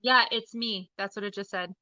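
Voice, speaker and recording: A woman hosting a live-streamed seance, listening to a spirit box and puzzling over faint messages in a hushed way. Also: medium pitch, steady tone, normal speed, dry recording, lo-fi sound. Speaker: host.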